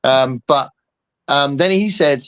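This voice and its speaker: A man's voice: medium pitch, slow pace, fairly bright tone, clear, resonant tone, no room sound, highs cut off. A man hosting a casual chat, rambling and joking with lots of fillers. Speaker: host.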